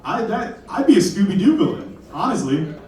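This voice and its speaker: A man's voice: high-pitched, very animated, normal speed, warm tone. A young man from Kentucky doing a stand-up comedy set, rambling and self-deprecating with apologetic asides. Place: comedy club stage. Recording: very echoey room from far off.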